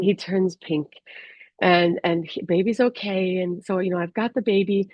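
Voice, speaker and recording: A woman who works as a rural doctor tells a personal story in a candid, halting way, full of restarts and fillers. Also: on the low side, fairly even intonation, darkish tone, dry recording, dull audio.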